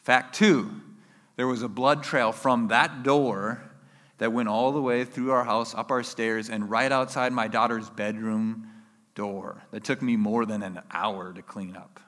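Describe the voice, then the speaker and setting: A man preaching a sermon, telling a personal story in an animated way and acting out his own shouts. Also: medium pitch, a little slow, big-room sound.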